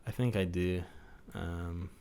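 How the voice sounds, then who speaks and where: A man's voice: low voice, fairly even intonation, slow pace, gravelly, warm tone, a little hiss or hum. A man hosting a gaming video, giving casual gameplay commentary, chatty and self-mocking as he thinks aloud.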